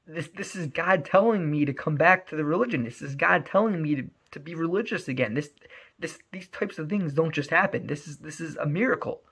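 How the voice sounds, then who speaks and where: A man's voice: mid-range voice, moderate pace, bright, forceful tone. A man voicing an overwhelmed young man who pleads with emphatic, stumbling repetitions. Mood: pleading.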